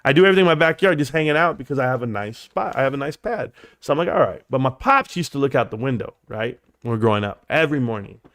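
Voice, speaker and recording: Animated man telling a story on a stream. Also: fast talker, few pauses, no echo, studio quality. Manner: animated, jumps high in pitch when acting out quotes; rambling, drops to quiet asides. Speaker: livestream host. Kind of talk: casual storytelling.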